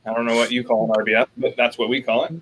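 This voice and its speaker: A man co-hosting a relationship coaching talk, telling lively stories and acting out both sides of arguments. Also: mid-range voice, very fast, a little hiss or hum, poor audio. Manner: animated storytelling, acts out both sides of arguments. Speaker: life coach co-host. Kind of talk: casual conversation.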